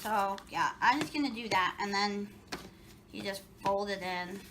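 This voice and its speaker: In her home kitchen, a woman who vlogs about cooking makes a recipe and jokes around in relaxed chat. She speaks unhurriedly in a mid-range voice, with some noise in the background.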